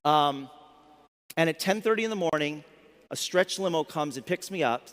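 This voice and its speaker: A man in his fifties with a high voice, telling a story to a live audience as a motivational speaker. He talks in an animated way and often restarts his words. His voice rings with a long reverb from a large hall. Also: moderate pace.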